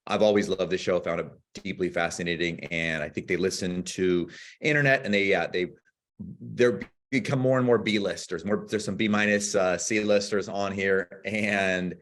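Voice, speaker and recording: Excitable lower-voiced man, casual chat. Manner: excitable, rapid bursts, swears, acts out yelling. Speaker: podcast co-host.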